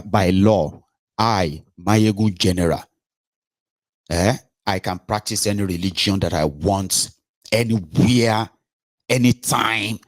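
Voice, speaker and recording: A Nigerian man with a Nigerian accent and a low-pitched voice delivers a political monologue as its host. He argues with force, circles back on his points and keeps asking the listener whether they follow. The sound is dry, with no room in it. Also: unhurried, no room sound. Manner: emphatic, argumentative, repeats rhetorical questions to the listener.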